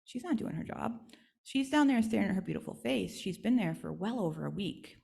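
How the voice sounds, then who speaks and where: A woman's voice: mid-range voice, animated, fairly quick, gravelly, a little mellow, husky, full character voice. A woman voicing a gossipy male screech owl messenger who tells on someone. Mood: gleeful. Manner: gossipy, teasing.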